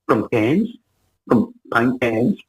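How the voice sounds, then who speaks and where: A man in his sixties with an Australian accent, a musician guest telling lively stories and acting out the people in them. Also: mid-range voice, takes it slowly, a little hiss or hum, low-quality recording. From Melbourne, Australia. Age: 60s. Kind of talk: casual storytelling interview.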